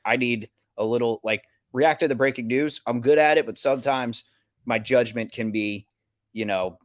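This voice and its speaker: A man's voice: mid-range voice, normal speed, no room sound, studio quality. A man co-hosting a casual sports podcast, telling stories with lots of fillers and laughter. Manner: laughs often, rambling storytelling with fillers. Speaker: podcast co-host.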